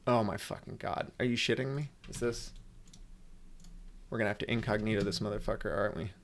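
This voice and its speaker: A man's voice: lowish voice, a little fast, a little hiss or hum. A man hosting a casual livestream, ranting with sarcasm and frequent swearing. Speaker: livestream host.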